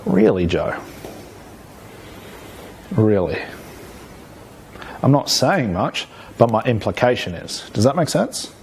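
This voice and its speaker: A man leads a live hypnosis training in front of a group. His voice sits at an ordinary middle pitch and he talks with energetic, coaching momentum. A faint background hum runs under the room. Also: moderate pace. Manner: energetic, coaching, with frequent checks like "okay?". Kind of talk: live workshop teaching.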